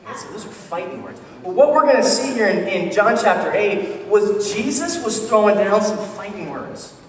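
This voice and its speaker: Male pastor, casual animated sermon, high voice, distant mic, long hall reverb. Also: normal speed. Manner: conversational, animated preaching with frequent restarts. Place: church sanctuary.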